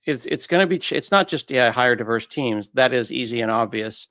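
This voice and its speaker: Animated man explaining in a dry close recording. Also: mid-range voice, brisk, no room sound. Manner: animated explainer who acts out quoted voices. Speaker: guest. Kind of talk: conversational interview.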